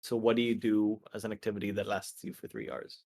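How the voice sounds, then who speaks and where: A man narrating as game master in a relaxed, descriptive way. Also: on the low side, fast.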